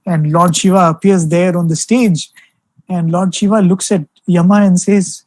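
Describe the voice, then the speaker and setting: A young man gives a devotional talk over a video call, telling stories gently with lots of "you know" fillers. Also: high-pitched, fairly even intonation, normal speed, dry recording, rough recording. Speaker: spiritual speaker addressing alumni.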